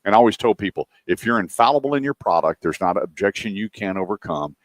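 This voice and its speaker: A man's voice: lowish voice, quick pace, no room sound, clean studio sound. A man hosting a car-business radio show, telling stories and acting out what people said. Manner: animated storyteller, acts out quotes. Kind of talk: casual talk radio chat.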